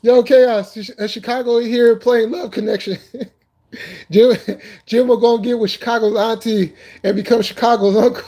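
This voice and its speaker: Giggly, mellow-voiced man streaming live. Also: very high-pitched, fairly even intonation, normal speed, dull audio. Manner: laughs constantly, loose and profane banter; repeats phrases, talks to chat viewers by name. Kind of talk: casual live stream chat.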